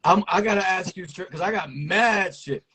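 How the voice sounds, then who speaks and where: A man hosting a casual interview who talks in a rushed, stammering way, restarting his sentences. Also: sits high, sharp tone, breathy edge. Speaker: podcast host.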